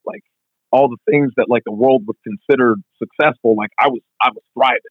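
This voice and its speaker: A strength coach being interviewed, telling stories in a fast, casual way full of "like". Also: male voice, medium pitch, fairly even intonation, breathy edge, no room sound. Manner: fast, filler-heavy, constant "like". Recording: tinny phone-like line, dry.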